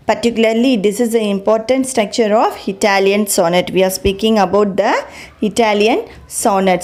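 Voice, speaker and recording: Woman lecturing on poetry, slightly high voice. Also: a little mellow. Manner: explains step by step, repeats points, frequent restarts. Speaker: literature teacher. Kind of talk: recorded lecture.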